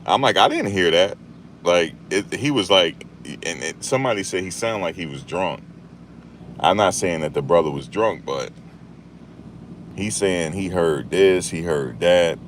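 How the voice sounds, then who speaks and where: A man's voice: sits low, lively intonation, a little slow, a little hiss or hum. A man hosting a casual commentary monologue, chatty and repetitive, laughing at the story he tells. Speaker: YouTube commentary host.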